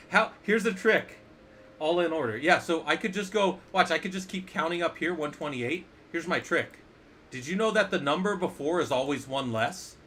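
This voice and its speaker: A man's voice: a little high, expressive, normal speed, fairly bright tone, slight background noise. A man teaching a casual screen-share lesson as an instructor, playful and jokey, often asking the viewers questions.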